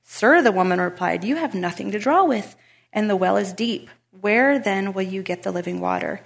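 Woman doing a relaxed bible talk, mid pitch, lots of vocal fry, chatty. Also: normal speed. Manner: chatty, animated when retelling a story. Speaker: Bible study speaker. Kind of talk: casual devotional talk.

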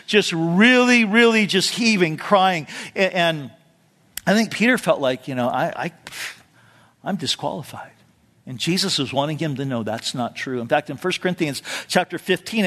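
High-voiced male pastor in a reverberant hall. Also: fairly bright tone. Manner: conversational storytelling, acting out quotes with a raised voice; frequent "you know" asides. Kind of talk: sermon. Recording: long reverb of a large hall.

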